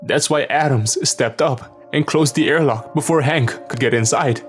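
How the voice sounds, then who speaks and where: A man's voice: mid-range voice, moderate pace, hardly any pauses. A man narrating a horror story in a tense, dramatic scripted reading. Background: background music.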